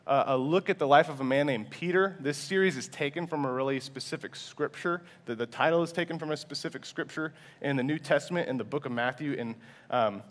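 A man's voice: on the high side, fairly quick. A man in his twenties preaching a sermon in a church, humble and earnest, often restarting his sentences. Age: 20s. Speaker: pastor.

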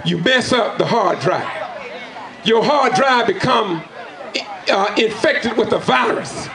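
A middle-aged man giving an impassioned preacher-style speech, shouting and calling out questions to the crowd. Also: extremely high pitch, gravelly. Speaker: community speaker. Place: outdoors at a community gathering. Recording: loud crowd outdoors.

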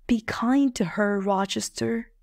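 A woman gives voice to an injured, anxious gentleman visitor in an audiobook for learners. The lines come very slowly, plain and clearly spoken. The recording is close and dry. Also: medium pitch, no room sound. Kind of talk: audiobook character reading for learners.

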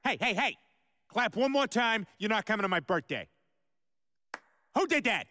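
A man's voice: sits high, expressive, moderate pace, pushed and bright. An actor voicing a childish, blustering father in his forties in a cartoon. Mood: petulant. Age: 40s. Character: dim-witted loud middle-aged father. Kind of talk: cartoon voice acting.

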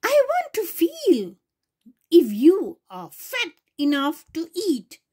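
Woman putting on a shrill wicked old witch. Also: huge pitch swings, takes it slowly, warm tone, exaggerated voice. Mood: menacing.

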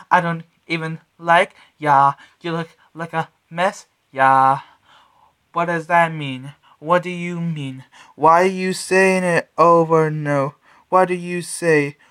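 A man's voice: a little high, fairly bright tone, clean tone. Sassy young man, sung taunts. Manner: sassy, taunting, repeats lines in stuttering loops. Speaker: singer. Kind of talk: sung pop track with spoken-sung verses.

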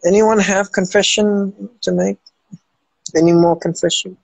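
A man's voice: sits high, fairly even intonation, measured pace, vocal fry, darkish tone, no echo. A man chatting casually with fans on a phone livestream, teasing and joking with the odd swear word. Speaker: livestream host. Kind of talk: casual live-stream chat with fans.

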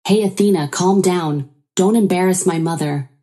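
A woman's voice: on the low side, moderate pace, mellow, close to an everyday voice. A woman voicing a dismissive, self-pitying husband who defends his mother and blames his wife, in a narrated story. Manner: defensive, blaming.

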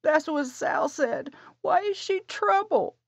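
A woman's voice: sits high, expressive, takes it slowly, vocal fry, no room sound, voice pushed up, heavily acted. A woman voicing an anxious, insecure young heroine, raising her voice in a pleading, emotional way. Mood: upset. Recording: dry, slightly dull audio.

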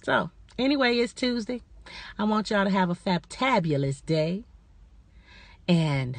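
Slow, lively-voiced woman chatting to viewers. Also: medium pitch, no room sound. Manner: chatty, addresses viewers as y'all. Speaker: vlogger. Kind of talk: casual personal vlog.

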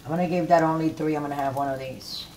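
Middle-aged lady rambling thru a recipe at home, lower voice, faint noise behind. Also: steady tone, fast, darkish tone. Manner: chatty, rambling, keeps asking "you know what I'm saying?". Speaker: cooking show host. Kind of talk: casual cooking demonstration. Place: home kitchen.

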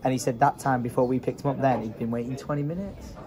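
A chatty British man hosting a travel vlog, laughing often and excited as he talks. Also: mid-range voice, fast. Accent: British English. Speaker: vlogger host. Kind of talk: casual travel vlog chat. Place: road trip, petrol station. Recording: crowd noise behind.

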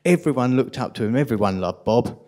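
A man with a strong London accent giving an impassioned, indignant conference talk at a rapid pace. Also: mid-range voice, animated, a little mellow. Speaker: conference speaker.

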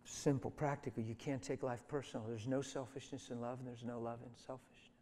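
A man's voice: medium pitch, fairly even intonation, a little fast, warm tone, a little hiss or hum. A man preaching a sermon with emphatic, exhorting delivery. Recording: echoey hall reverb.

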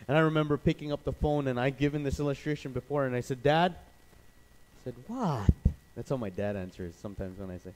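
A man from Canada preaching a sermon as pastor, telling stories with animated energy and acting out the voices of people he quotes. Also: medium pitch, racing, hardly any pauses, low-quality recording.

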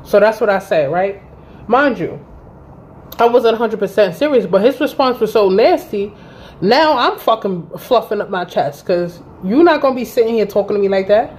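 A woman's voice: mid-range voice, moderate pace. Thirties woman vlogging a storytime, cussing and acting out what everybody said, bit of hiss. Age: 30s. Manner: animated, profane storytelling with acted-out quotes. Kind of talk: storytime vlog.

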